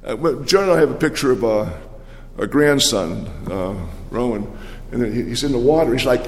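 An older man preaching a sermon, telling the story with animated energy and frequent restarts. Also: mid-range voice, normal speed, big-room sound.

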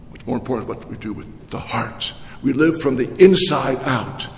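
A man's voice: mid-range voice, lively intonation. A man, a priest, preaching a sermon in a church, often restarting his words but telling stories with dramatic swings. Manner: halting restarts with dramatic storytelling. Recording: echoey church hall reverb.

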